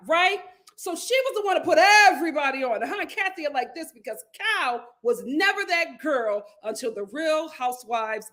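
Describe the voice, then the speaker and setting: Woman, vlog host, casual recap chat, sassy, exasperated, high voice. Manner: sassy, animated, loudly exasperated.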